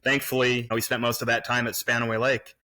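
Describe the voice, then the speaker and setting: Remote podcast guest: a bright-toned man in his forties, rambling and restarting as he reminisces. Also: mid-range voice, flat delivery, fairly quick. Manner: rambling, many restarts and fillers. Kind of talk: casual reminiscing conversation. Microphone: remote recording.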